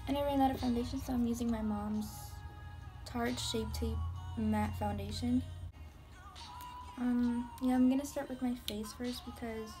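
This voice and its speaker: A woman's voice: on the high side, steady tone, measured pace, mellow. A young woman chatting candidly and rambling while doing her makeup for a vlog. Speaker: beauty vlogger. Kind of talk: casual get-ready-with-me chat. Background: music.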